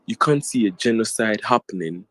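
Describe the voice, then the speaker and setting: A man's voice: lowish voice, expressive, moderate pace, no room sound. A young man from Africa, a student speaking in an online audio room, worked up and repeating his points with many ums. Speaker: Twitter Space speaker. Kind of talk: impassioned casual talk. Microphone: phone or headset in an online audio room.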